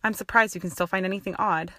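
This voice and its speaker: A woman voicing a tired, kindly older male wizard professor with a weary, croaking manner. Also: mid-range voice, fairly even intonation, fast talker, pushed and bright, no echo, studio quality, close to an everyday voice.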